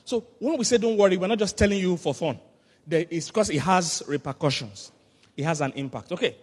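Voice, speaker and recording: A man preaching a sermon as pastor, telling animated stories with laughter and sudden shouts. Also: high-pitched, a little fast, breathy edge. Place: church hall. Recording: long hall reverb.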